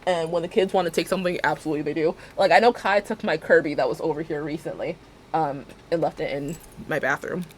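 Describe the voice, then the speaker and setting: A woman's voice: deep voice, quick pace, a little hiss or hum. A woman streamer chatting casually while she plays a game. She tells rambling stories and acts out both sides of each conversation. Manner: chatty and rambling, with frequent fillers and self-corrections.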